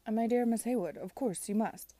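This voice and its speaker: A man's voice: high-pitched, moderate pace, dark tone, dry recording, pitched above the performer's own voice, close to an everyday voice. A woman reading aloud as a young male lord, earnest and perplexed, in a storybook reading.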